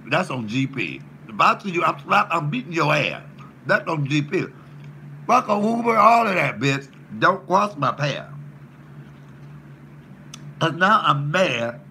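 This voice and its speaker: A man, a comedian, ranting profanely with loud trash talk and mock threats while cooking. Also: mid-range voice, creaky, slight background noise. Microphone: camera mic in a home kitchen.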